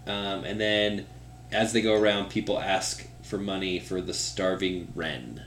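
A man with a fairly low voice talks in loose, rambling podcast chat, filling gaps with "like" as he goes. His voice sits in a roomy, echoey space. A faint hum runs underneath. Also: steady tone, a little slow, a bit bright. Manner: rambling, lots of "like" fillers. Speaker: podcast co-host. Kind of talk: casual chat.

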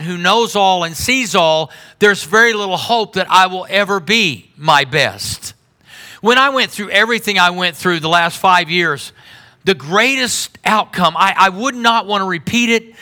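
Man, middle-aged pastor, high voice, very bright and sharp tone, conversational preaching, sudden swings in volume. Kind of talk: sermon.

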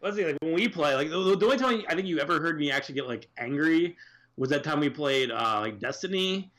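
Man co-host, slightly higher voice, loose rambling talk full of fillers and cursing. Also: animated, fast talker, fairly bright tone. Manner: rambling, profane, many fillers. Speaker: podcast co-host. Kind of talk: casual chat.

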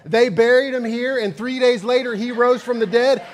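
Stern, exasperated husband at the end of his rope, put on by a male preacher. High and forceful, in a reverberant hall. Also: fairly even intonation, normal speed. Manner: stern, emphatic, loud.

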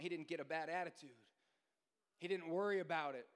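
A man preaching a sermon as pastor, going from quiet storytelling to shouted, sing-song preaching. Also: a little high, fairly quick, in a large hall. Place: church sanctuary.

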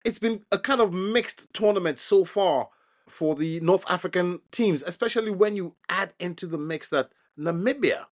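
Host guy on a football podcast, slightly high voice, stumbles over his openings. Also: normal speed. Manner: hesitant, repeats words when starting. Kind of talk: podcast sports discussion.

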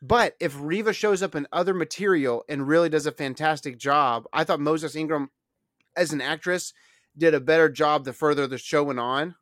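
Animated man hosting a podcast. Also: fairly high pitch, moderate pace, dry recording, clean studio sound. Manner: rambling, animated, many fillers. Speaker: podcast host. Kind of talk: casual chat.

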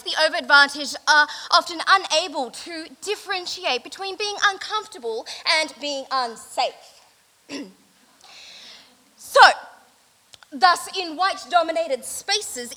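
Woman, high-pitched, satirical mock lecture, deadpan, lots of fillers. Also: rough recording. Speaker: event speaker.

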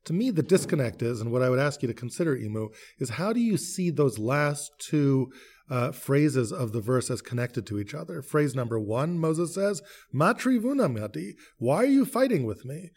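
A man who is a rabbi, leading a podcast text study with animated questions, reading verses and explaining them. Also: mid-range voice, normal speed. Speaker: rabbi and teacher.

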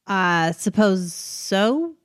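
Woman player, polite, formal, talks slow. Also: medium pitch, sing-song, clear, resonant tone. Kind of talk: in-character tabletop play.

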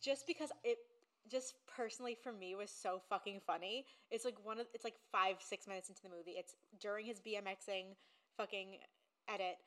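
A woman's voice: mid-range voice, fairly even intonation, a little fast, a bit bright. A young woman co-hosting a podcast, chatting casually with sarcasm and swearing. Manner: sarcastic, profane, recounts scenes in quoted voices. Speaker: podcast co-host. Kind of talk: casual chat.

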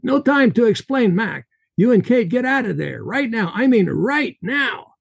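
A man putting on a gruff Russian ally. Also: extremely high pitch, animated, measured pace, dry recording, pitched above the performer's own voice, full character voice. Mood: urgent. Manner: urgent, clipped broken English. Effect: heard over a phone line in the story.

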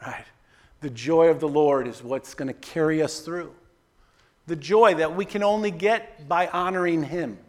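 A man preaching a sermon, energetic and conversational, tossing in quick asides and dropping soft on quoted prayers. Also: a little high. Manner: conversational asides with repeated "right?". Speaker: pastor.

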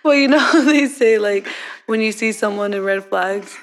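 A woman's voice: mid-range voice, normal speed. A young woman co-hosting a podcast in casual chat, laughing often and filling her talk with "like" and "dude.". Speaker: podcast co-host. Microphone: podcast mic on a desk.

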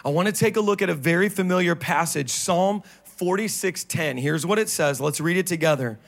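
A male pastor preaching a sermon on stage, animated and playful, with sudden drops into low, quiet emphasis. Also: moderate pace, creaky. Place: church stage.

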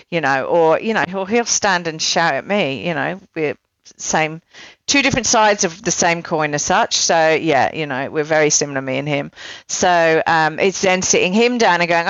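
A woman hosts the chat in a loose, rambling way, full of fillers and asides. Her voice sits a little low. The sound is dull and dry, like a muffled call. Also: normal speed, fairly bright tone, no room sound. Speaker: podcast host. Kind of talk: casual conversational interview.

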